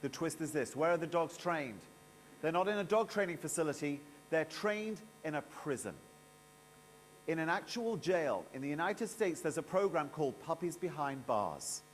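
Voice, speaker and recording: A man emceeing a live conference, telling a long story to the audience in an animated, theatrical way. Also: a little high, moderate pace, in a large hall, a little hiss or hum. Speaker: event emcee.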